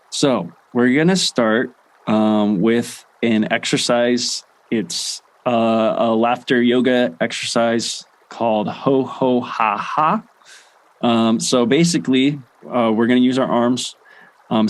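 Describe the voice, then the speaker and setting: A young adult man guiding a laughter meditation session in a relaxed way, with many fillers and restarts. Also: medium pitch. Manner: chanting rhythmic ho ho ha ha. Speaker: meditation guide.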